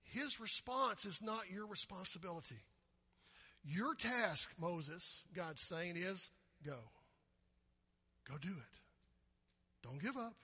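Husky, high-voiced man preaching a sermon. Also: lively intonation, takes it slowly, pauses often, bright, forceful tone. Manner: conversational, asks the congregation questions, acts out quotes. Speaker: pastor.

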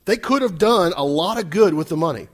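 A male preacher delivering a sermon, his voice a bit higher than most men's. He talks with a lot of swing in pitch, moving from loud emphatic lines to quiet asides. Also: a little fast. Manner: animated, shifts loud and soft, acts out quotes. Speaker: pastor.

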